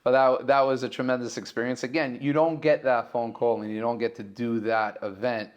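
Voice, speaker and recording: Man, New York accent, podcast guest, excited storyteller, mid-pitched voice. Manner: acts out dialogue in raised voices, fast and excited. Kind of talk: animated storytelling.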